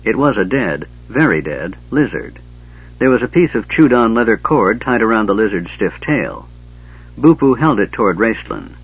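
Brief: low-voiced male narrator, husky, steady storytelling, dull lo-fi recording. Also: moderate pace. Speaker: audiobook narrator. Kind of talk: audiobook narration.

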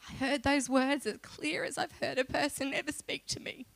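Bright high-voiced woman preaching. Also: fairly even intonation, normal speed, gravelly, dry recording. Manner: emotional storytelling that breaks into loud pleading re-enactments. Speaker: church speaker giving testimony. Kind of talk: personal testimony sermon.

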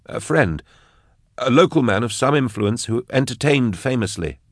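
A man's voice: medium pitch, expressive, moderate pace, no echo, studio quality, voice pushed up. A man voicing a shaken older male scholar who hesitates and gropes for words. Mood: uneasy.

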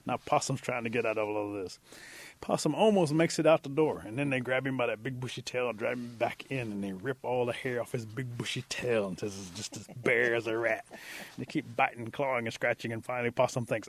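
A man's voice: mid-range voice, steady tone, fairly quick, dry recording. A man narrating a folk tale in a vivid, playful way, with sound effects. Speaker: storyteller. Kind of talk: animated folk-tale storytelling.

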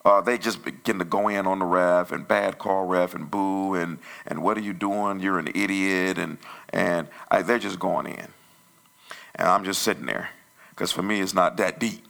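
A male pastor telling a story in a conversational sermon that grows loud and animated. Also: low voice, moderate pace, vocal fry. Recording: church sermon audio.

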